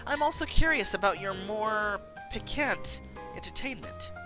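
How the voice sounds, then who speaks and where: A woman's voice: mid-range voice, lively intonation, measured pace, over music, lightly acted. A woman reading a suave, sly rich man.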